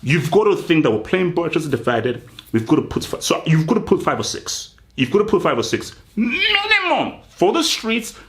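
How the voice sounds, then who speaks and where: A man hosts a football show and rants through a mock team talk, speaking straight to the players. His pitch swings wildly as he stretches words out for emphasis. His voice sits a little higher than most men's. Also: wildly swooping pitch, normal speed, a bit bright. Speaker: football channel host. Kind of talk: comedic football pep-talk rant.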